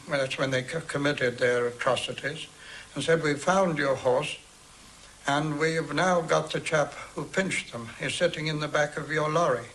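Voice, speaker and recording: A man in an interview speaks in a fairly high voice. He recalls a grim event plainly, without dramatics. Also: fairly bright tone, low-quality recording. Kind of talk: recounting a memory in an interview.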